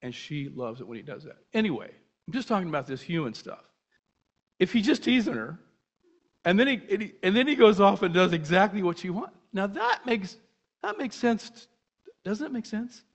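An older man leads an informal Bible talk with a slightly high voice that leaps about as he questions and restarts. The recording is muffled and lo-fi. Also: normal speed. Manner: animated, rhetorical questions, self-interrupting. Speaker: Bible teacher.

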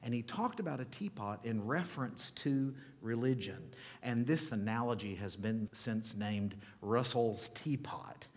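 A male pastor giving a conversational sermon, chuckling softly now and then as he talks to the congregation. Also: medium pitch, animated, unhurried, hardly any pauses, in a large hall. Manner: conversational preaching with soft chuckles.

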